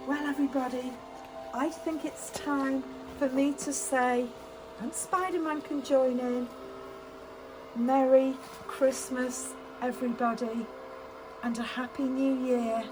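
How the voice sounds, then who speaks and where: A very high, slow-spoken woman with a Manx English accent leads little ones on a festive tour, greeting each thing with gasps and sing-song exclamations. Music plays clearly behind her. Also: poor audio. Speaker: children's singing group leader. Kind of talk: cheerful tour for toddlers.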